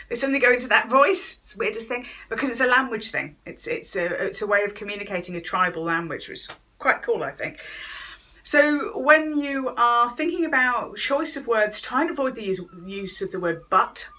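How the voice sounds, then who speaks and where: This woman speaks with a somewhat high voice and a sharp tone. In her direct-to-camera talk, she chats with viewers about workplace wellness and dramatizes quoted voices.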